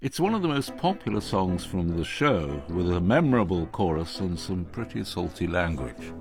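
A man hosting a radio interview, asking measured, lightly teasing questions. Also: low voice, very animated, over music. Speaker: radio host.

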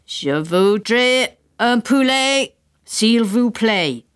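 A woman's voice: a little high, lively intonation, very slow, clean tone, pitched above the performer's own voice. A woman voicing a blustering, stubborn middle-aged father with a Welsh accent in a read-aloud story. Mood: halting. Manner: bluff, stubborn and pompous.

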